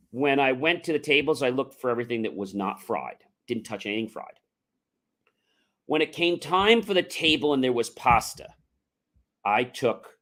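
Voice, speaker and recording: A middle-aged man hosting a podcast, giving an earnest, conversational motivational talk with frequent fillers and loud emphatic rises. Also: mid-range voice. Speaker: entrepreneur podcast host.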